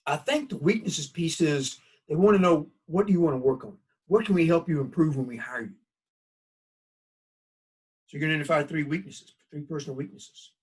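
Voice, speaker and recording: Folksy Southern man lecturing, husky voice. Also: a little high, distant mic. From United States. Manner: folksy, conversational, animated storytelling. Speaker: college instructor. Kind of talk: recorded course lecture.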